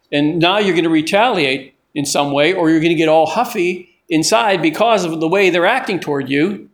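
An older man preaching a sermon in a conversational way, often repeating and restarting his words. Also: high-pitched.

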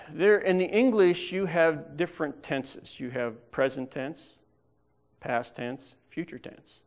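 A man preaching a sermon in church, explaining Bible verses step by step and reading scripture aloud with pauses. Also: fairly high pitch.

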